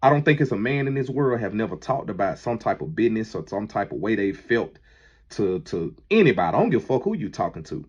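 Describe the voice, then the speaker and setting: A man giving a heated, profane monologue that keeps rising toward a shout. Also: fairly low pitch, very animated, fast talker, slightly rough, muffled recording. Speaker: manager addressing critics. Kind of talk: impassioned monologue.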